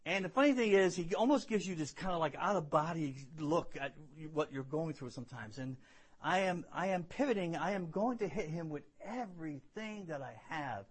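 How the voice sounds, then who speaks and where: A man preaching a sermon and telling his own story earnestly, rising to loud emphasis and dropping to hushed lows, often repeating words as he builds. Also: animated, normal speed, slightly rough. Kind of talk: sermon with personal testimony.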